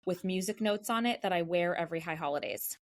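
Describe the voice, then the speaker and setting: A woman cantor in an interview, telling her story in a lively way and acting out the people she quotes. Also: fairly low pitch, brisk. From United States. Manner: animated, acts out quoted voices.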